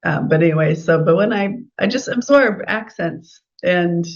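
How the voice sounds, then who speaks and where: A woman's voice: on the low side, moderate pace. Chatty Californian woman, muffled sound. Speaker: art therapist guest. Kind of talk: interview answers, explanatory.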